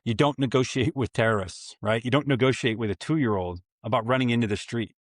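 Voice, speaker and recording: A man's voice: mid-range voice, brisk, no room sound, studio quality. A man in his forties hosting a solo parenting podcast, earnest and reflective, with self-mocking asides. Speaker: podcast host for fathers.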